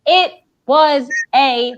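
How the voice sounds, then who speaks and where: A woman's voice: high voice, drawn-out words, muffled recording. A woman co-hosting a podcast, telling a story in casual chat with emphatic delivery. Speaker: podcast co-host.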